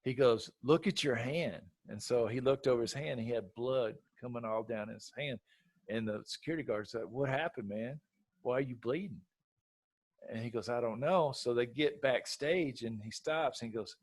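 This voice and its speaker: A man's voice: medium pitch, normal speed, dry recording. A man hosting a podcast, telling a story in a casual chat and acting out the quotes. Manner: animated storyteller, acts out quotes. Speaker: podcast host.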